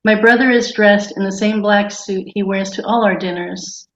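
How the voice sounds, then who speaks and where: A woman's voice: medium pitch, steady tone, normal speed. Woman reading, echoey lo-fi sound. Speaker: author reading her story. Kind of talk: literary reading with a spoken aside. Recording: echoey room, dull lo-fi sound.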